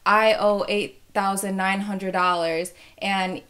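A young woman telling a story in a casual, rambling way, full of filler words and excitable bursts. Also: medium pitch, slow.

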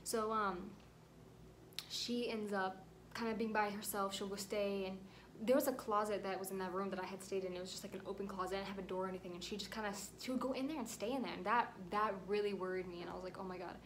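A woman's voice: mid-range voice, steady tone, fast, slight background noise. A young woman telling a rambling, emotional storytime vlog at home, at times close to tears. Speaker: vlogger.

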